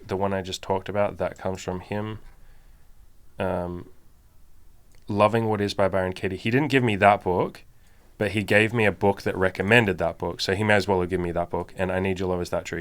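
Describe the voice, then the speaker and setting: A man's voice: low-pitched, flat delivery, a little fast. A man co-hosting a podcast, talking in a casual, candid and emphatic way, swearing freely. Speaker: podcast co-host. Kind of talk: casual chat.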